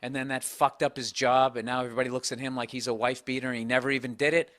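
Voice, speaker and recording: A man's voice: medium pitch, level tone, fast, fairly bright tone. A man hosting a podcast, talking in a blunt, profane, ranting way, mocking himself as he goes. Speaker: podcast host. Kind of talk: casual chat.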